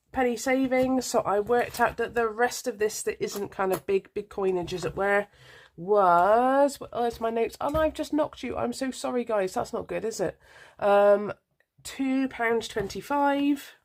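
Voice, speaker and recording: A woman's voice: medium pitch, noisy background. A woman in her thirties with a British accent and a nasal head cold, chatting casually and rambling to camera with lots of ums and apologies as a budgeting vlogger. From United Kingdom. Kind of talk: casual chat to camera while sorting coins. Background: faint clinking of coins.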